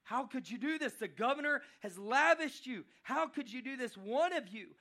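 A man acting out an angry Egyptian guard who shouts accusations in a loud, high, indignant voice. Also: expressive, moderate pace, heavily acted. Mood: accusing.

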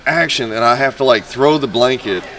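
A man, a guest singer-songwriter, telling a lively anecdote in casual chat, laughing often and acting out other people's voices. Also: mid-range voice, brisk. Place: bar venue with a crowd. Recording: bar crowd noise behind. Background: bar crowd chatter.

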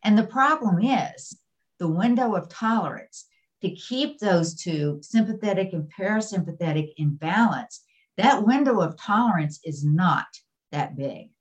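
A woman's voice: lowish voice, expressive, a little slow, low-quality recording. A woman guest expert explaining in an interview, repeating her key points for emphasis.

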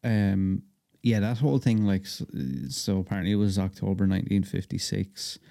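A man's voice: deep voice, level tone, normal speed, vocal fry, warm tone. A man co-hosting a podcast, talking loosely with lots of fillers and swearing. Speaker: podcast co-host. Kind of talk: casual chat.

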